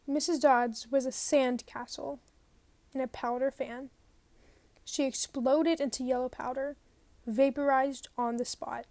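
A woman reading a novel aloud, telling it in a lively first-person way. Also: high voice, no echo. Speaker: reader.

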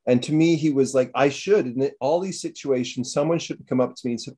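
A man casually telling rambling stories in a chat, swearing often and jumping into high mocking voices when he quotes people. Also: a little fast, few pauses, breathy edge. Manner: profane, rambling, animated storytelling with jumps into high mocking voices.

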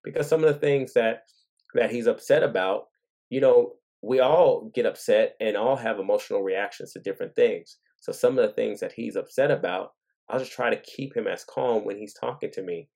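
A man hosting his own show, talking earnestly and gently in a casual reflective monologue, thinking aloud as he goes. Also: on the low side, normal speed, creaky. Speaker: father and podcast host.

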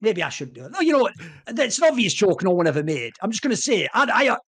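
A man giving casual esports podcast banter as an analyst, ranting in an animated way and swearing often. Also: high-pitched, fast, breathy edge.

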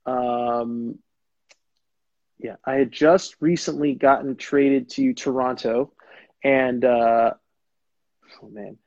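A man's voice: a little high, a little mellow, no echo, highs cut off. A man hosting a show and casually telling a story, acting out quotes and restarting sentences as he goes. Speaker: show host and former pro soccer player.

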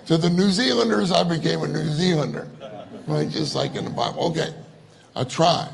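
A conference speaker with a slightly high voice and vocal fry gives a conversational sermon, joking and laughing with the audience while asking them questions.

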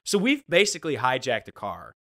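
Male storyteller, lively and bright, acts out quotes, frequent restarts. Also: mid-range voice, fairly quick. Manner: animated, acts out quoted voices, restarts often. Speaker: guest storyteller. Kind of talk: casual anecdote telling.

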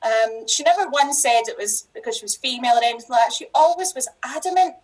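A middle-aged Scottish woman with a high voice talks in a relaxed, chatty way as a podcast guest. She often breaks off and restarts her sentences and laughs easily along the way. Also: fast talker, poor audio. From Scotland. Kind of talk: casual podcast interview.

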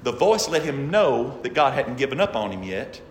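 A man preaching a sermon with emphasis, swinging from shouts to very quiet passages. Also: sing-song, normal speed, distant mic, slight background noise. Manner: emphatic, rising to shouts then dropping very low. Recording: echoey hall with long reverb.

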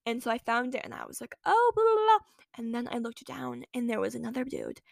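A teenage girl hosting her own podcast, telling a story in a chatty, animated way that jumps from loud lines to whispered asides. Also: on the high side, quick pace, gravelly, no room sound, studio quality. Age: late teens. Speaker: podcast host. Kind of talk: casual storytelling monologue.

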